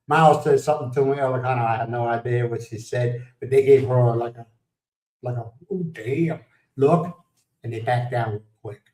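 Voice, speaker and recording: A man's voice: medium pitch, normal speed, a little mellow, echoey room, recorded from a distance, low-quality recording. A man from the United States hosting a livestream, chatting casually, telling rambling stories, laughing and greeting viewers by name. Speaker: livestream host. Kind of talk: casual chat.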